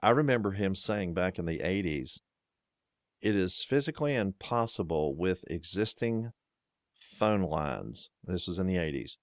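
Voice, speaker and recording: A man's voice: low voice, lively intonation, a little slow, dry recording, studio quality. A man with an American accent, co-hosting a casual chat podcast and telling anecdotes while laughing at them. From United States. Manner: storytelling, laughs at own anecdotes. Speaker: podcast co-host.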